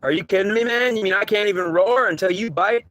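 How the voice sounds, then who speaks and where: A man's voice: high voice, fast talker, fairly bright tone, no room sound, pitched above the performer's own voice. A man voicing Eve, an indignant, exasperated young woman who complains she has no power. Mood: incredulous.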